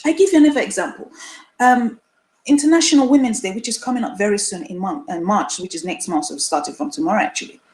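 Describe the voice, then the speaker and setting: An earnest woman in her thirties from Nigeria hosts her own live online show and talks straight to her viewers. She presses her points home by repeating phrases. The voice sits at a middle pitch and carries a noticeable room echo. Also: fast talker, a little mellow. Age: 30s. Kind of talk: solo live-stream talk to viewers.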